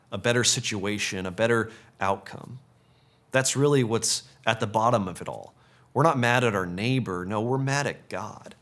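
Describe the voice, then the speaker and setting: A man preaching a sermon as pastor, earnest, stacking short punchy phrases and dropping to a soft, low voice on key points.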